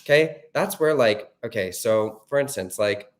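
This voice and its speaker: A man's voice: medium pitch, lively intonation, measured pace. Blunt, emphatic man coaching on camera. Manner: emphatic, blunt and profane, repeating points with "okay?". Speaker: relationship and mindset coach. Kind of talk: direct-to-camera motivational talk.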